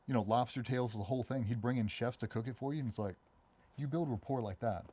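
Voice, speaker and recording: A middle-aged man, a former special operations member, telling stories in a casual interview and acting out other people's voices in a much higher pitch. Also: slightly rough. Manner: fast, animated storytelling, acts out quoted voices much higher. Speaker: guest, former Navy SEAL.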